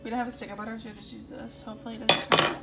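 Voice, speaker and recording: Giggly young woman chatting over food, higher voice, loud dish clatter behind. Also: level tone, rapid-fire, creaky, very noisy. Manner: giggly, joking. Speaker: vlogger. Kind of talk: casual chat while cooking and eating.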